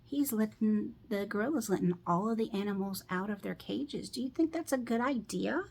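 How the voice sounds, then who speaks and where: A middle-aged woman reading a picture book aloud to children, pausing to ask them questions about the pictures. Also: mid-range voice, lively intonation, gravelly, darkish tone. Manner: slow, asks children questions.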